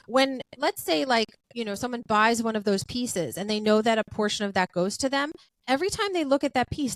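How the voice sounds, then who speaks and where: A woman's voice: fairly high pitch, dry recording, low-quality recording. A woman hosting a podcast interview, talking in a chatty way with many fillers and restarts. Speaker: podcast host. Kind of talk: casual interview chat.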